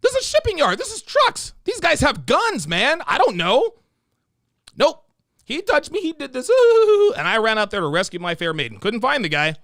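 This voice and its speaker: Animated, gravelly-voiced male livestream host. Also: sits high, normal speed, dry recording, clean studio sound. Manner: animated, profane, storytelling. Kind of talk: reaction commentary and reading viewer donations.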